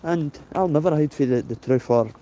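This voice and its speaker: A man's voice: fairly high pitch, normal speed, warm tone, a little hiss or hum. A Scottish man in his late thirties with a Dundee accent, vlogging while he walks outdoors in the rain. He talks bluntly, swears freely and says "mate" at the end of almost every phrase. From Scotland. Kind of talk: casual walking vlog.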